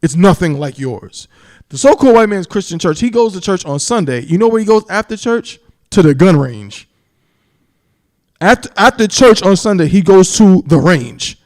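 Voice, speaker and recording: A man teaching from the Bible on a live stream, emphatic, repeating "you understand?" and slowing down to stress key words and scripture. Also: high-pitched, lively intonation, a little mellow. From New York. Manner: reads scripture in a slow, solemn cadence.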